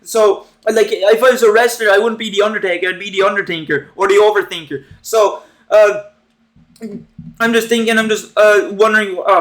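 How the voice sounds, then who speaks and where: A man's voice: high-pitched, steady tone, brisk, a bit bright. A young man telling a crude, rambling, self-mocking story from school, full of fillers and restarts. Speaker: storytime vlogger. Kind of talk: casual storytelling.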